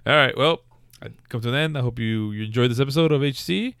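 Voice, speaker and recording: A man co-hosting a casual podcast, quick to swear and laugh, often stammering as he starts. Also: mid-range voice, smooth, no echo, studio quality. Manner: lively, stammering restarts, swearing. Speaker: podcast co-host. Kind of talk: casual chat.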